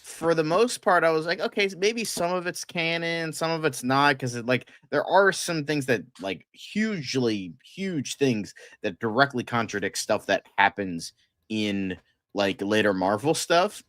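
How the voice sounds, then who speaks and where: A man's voice: medium pitch, animated, a little slow, fairly bright tone, no echo, clean studio sound. A man co-hosting a casual podcast, going off in a profane, angry rant. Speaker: co-host.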